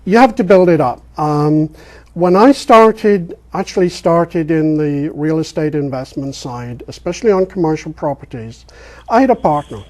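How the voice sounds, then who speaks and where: An older man from England with an English accent that keeps its R's, answering interview questions as a guest in a rambling storytelling way with many ums and pauses. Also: on the high side, expressive. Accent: English, pronouncing his R's. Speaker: guest, real estate investor.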